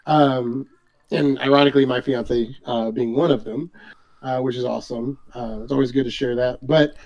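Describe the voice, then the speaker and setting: Man, mid-pitched voice, hesitant, halting, casual guest chat, dull lo-fi video call audio. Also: fairly even intonation, a little mellow. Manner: hesitant, full of fillers and restarts. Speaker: guest, game book author.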